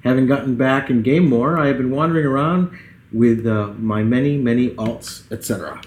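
A man co-hosting a casual gaming podcast, his voice at an ordinary middle pitch. He reads listener emails aloud in a relaxed way and laughs at his own slips. The recording carries a roomy echo. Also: brisk. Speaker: podcast co-host. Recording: echoey room sound.

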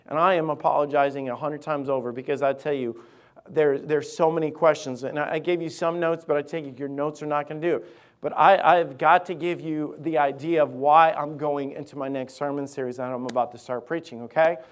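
A man's voice: on the high side, steady tone, a little fast. A man, a lead pastor, preaching an impassioned sermon in a church and repeating key phrases for emphasis. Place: church sanctuary.

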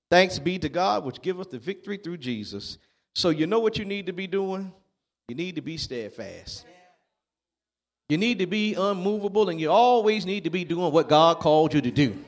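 A man preaching a sermon, calling on the congregation to answer and building up to shouts. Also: high-pitched, sing-song, moderate pace. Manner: call-and-response preaching, rising to shouts.

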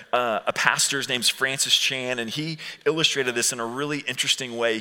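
Bright-voiced youth pastor in a hall. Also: male voice, medium pitch. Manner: conversational, acts out quotes, slows for key points. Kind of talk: sermon to students. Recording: long hall reverb.

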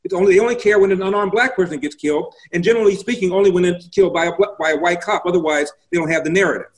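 A man's voice: high-pitched, very fast, poor audio. A man, a guest commentator in a political interview, arguing emphatically and rattling off statistics.

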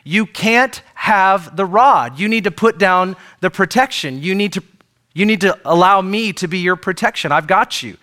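Man acting out steady male teacher, firm, slow, deliberate, reassuring, sermon retelling. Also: high voice. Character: calm, firm male teacher giving commands.

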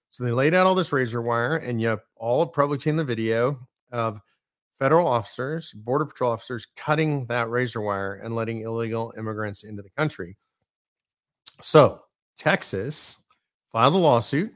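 A man's voice: mid-range voice, no room sound, studio quality. Emphatic man on a politics show. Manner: emphatic, repeats points, addresses listeners directly. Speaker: show host. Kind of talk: political commentary monologue.

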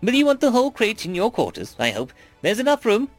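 A chirpy, high alien crew chief. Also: male voice, huge pitch swings, brisk, soft background music, exaggerated voice. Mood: eager.

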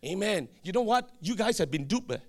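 A male pastor, preaching a sermon emphatically with sudden shouted bursts and call-and-response to the congregation. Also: high-pitched, expressive, fairly quick.

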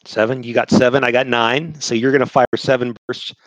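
A man narrating a tabletop game as game master, talking haltingly with many restarts while he describes the scene. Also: mid-range voice, fairly even intonation, dry recording, poor audio.

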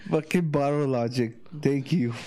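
A man's voice: medium pitch, moderate pace, warm tone. A man co-hosting a podcast in casual banter, cursing freely and laughing a lot. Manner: profane, laughing, laid-back.

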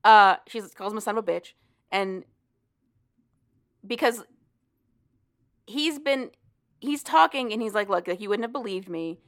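A woman casually recapping a story for a co-host, animated and profane, laughing often as she talks. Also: mid-range voice, unhurried, pauses often. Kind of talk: casual chat.

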